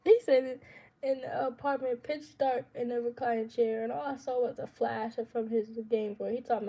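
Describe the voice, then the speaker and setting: A woman's voice: fairly high pitch, steady tone, normal speed, dark tone. A young woman vlogger telling a personal story in casual, slangy speech, dramatic and full of laughs.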